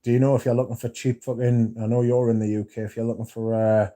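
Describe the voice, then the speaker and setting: A man's voice: medium pitch, level tone, quick pace, dark tone. A man hosting a casual livestream, reading viewer comments aloud and swearing freely as he chats. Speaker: livestream host reading chat. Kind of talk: casual livestream chat about perfume.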